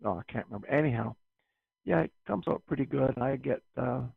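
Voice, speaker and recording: A man's voice: mid-range voice, expressive, fairly quick, gravelly, husky, no echo. A man from Canada calling into a ham radio net, making easygoing small talk. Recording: tinny, dry radio link.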